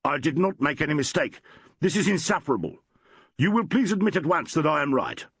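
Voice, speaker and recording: A man voicing a proud, formal doctor in an audiobook, speaking emphatically with a husky voice. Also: a little high, big pitch swings, brisk, fairly bright tone, no echo, pitched above the performer's own voice, exaggerated voice. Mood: indignant. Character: proud, formal male doctor, quick to anger.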